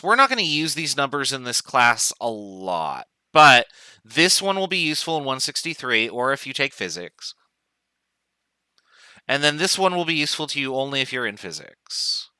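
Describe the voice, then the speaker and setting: A man teaching a chemistry class online, explaining in a relaxed, informal way with side remarks. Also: mid-range voice, clean tone, no room sound, poor audio. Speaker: chemistry professor. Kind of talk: casual online lecture.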